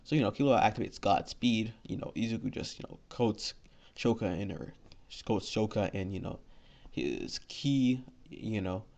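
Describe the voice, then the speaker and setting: A man's voice: on the low side, animated, moderate pace, gravelly, a little mellow. A man telling an improvised fan story in a rambling, filler-heavy way. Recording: lo-fi dull recording.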